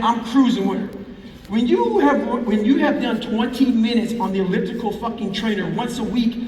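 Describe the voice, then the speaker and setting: A man's voice: extremely high pitch, slight background noise. A middle-aged man telling a profane, intense story to a live audience as a motivational speaker. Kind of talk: live storytelling talk on stage. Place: large hall with a live crowd. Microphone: stage speech heard from the crowd on a fan's camera. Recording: roomy, far-off hall recording from the crowd.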